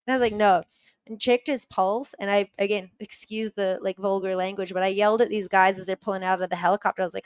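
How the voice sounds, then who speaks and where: Woman on a podcast retelling a story, says like a lot, smooth voice, mid pitch. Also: fairly even intonation, fast, no echo. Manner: vivid retelling, frequent "like" fillers. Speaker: podcast guest. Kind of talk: conversational storytelling.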